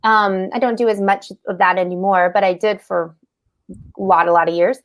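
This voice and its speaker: A middle-aged woman who co-hosts a podcast tells a story about public speaking in a casual, animated way, often adding "like" and "right?". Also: mid-range voice, moderate pace. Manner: animated, frequent "like" and "right?" asides.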